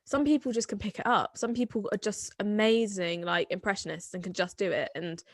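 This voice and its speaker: A woman's voice: mid-range voice, steady tone, a little fast, dry recording. A young woman from the English West Country speaks with a Somerset accent, talking loosely and at length. She is full of fillers and restarts. Her voice sounds close and dry, with no room around it. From Somerset, England. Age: 20s. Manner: chatty, rambling, many fillers. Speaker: guest, singer-songwriter. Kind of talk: casual conversation.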